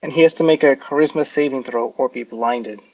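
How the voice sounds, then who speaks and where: A man playing a tabletop role-playing game, casually describing his hero's moves in a halting, rambling way full of fillers. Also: medium pitch. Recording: dull lo-fi audio.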